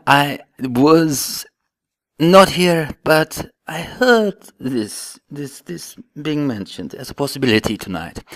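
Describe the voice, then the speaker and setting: A man voicing an undying vampire count who speaks formally and slowly. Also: mid-range voice, dry recording. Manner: formal, elaborate phrasing.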